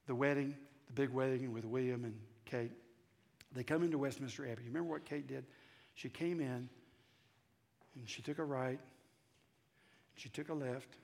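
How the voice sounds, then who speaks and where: A man with a Southern American accent preaching a sermon, telling a story and swinging between hushed asides and loud, emphatic climaxes. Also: medium pitch. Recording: reverberant hall.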